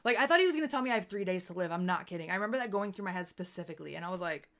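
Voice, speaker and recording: A woman in her thirties tells a long personal story to her stream audience. Her voice swings from hushed, low asides to sudden loud, high exclamations. She often acts out what she and others said. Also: very fast. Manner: animated, swings between quiet and loud, quotes herself. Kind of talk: casual storytelling on a livestream.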